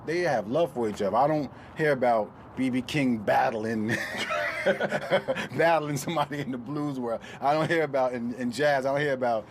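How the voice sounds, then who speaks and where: A man's voice: mid-range voice, normal speed, noisy background. A male rap artist answering interview questions in a loose, conversational way, leaning on "you know.".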